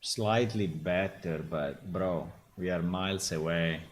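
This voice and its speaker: A man's voice: sits low, slow pace, slight background noise. A man, a game developer, thinking aloud in a casual dev vlog, hesitant with many restarts.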